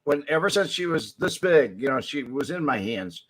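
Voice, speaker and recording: A man's voice: a little high, big pitch swings, moderate pace, rough recording. A man co-hosting a casual live-stream chat, matter-of-fact in his remarks. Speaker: podcast co-host.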